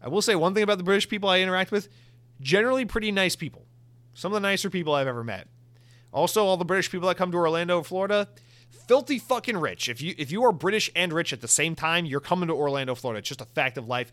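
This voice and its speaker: Brief: American man, solo podcast host, lively and profane, rambles and restarts, a bit high-pitched. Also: quick pace. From United States. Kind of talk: casual solo podcast chat. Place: home in Orlando, Florida.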